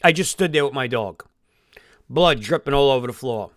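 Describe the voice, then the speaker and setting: A man's voice: mid-range voice, lively intonation, moderate pace, no room sound, clean studio sound. A man telling a long emotional story in a rambling live-stream monologue, swearing often.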